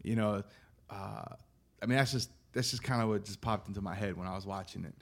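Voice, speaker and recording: A man's voice: on the low side, fairly quick, gravelly. A man co-hosting a podcast in casual chat, easygoing and teasing his co-host.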